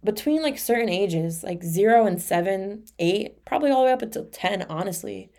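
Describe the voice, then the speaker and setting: A woman's voice: medium pitch, lively intonation, moderate pace, dark tone. A young adult woman hosting her own podcast, speaking in a candid, emotional confessional monologue full of "like" and casual swearing. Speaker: podcast host.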